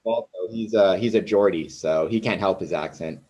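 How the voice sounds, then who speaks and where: Mellow, rambling low-voiced man. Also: moderate pace, lo-fi sound. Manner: rambling and self-deprecating. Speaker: podcast host. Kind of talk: conversational interview.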